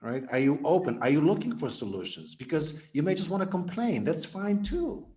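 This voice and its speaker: Lively business coach man acting out dialogues. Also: a little high, brisk. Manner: animated, acts out sample dialogues in quoted voices. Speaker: podcast guest, business coach. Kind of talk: conversational interview.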